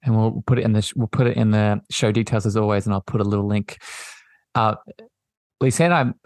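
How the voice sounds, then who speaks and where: Guy hosting a spiritual chat, lowish voice, soft and affirming, keeps repeating himself. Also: brisk, dry recording, studio quality. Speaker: podcast host. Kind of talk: reflective spiritual conversation.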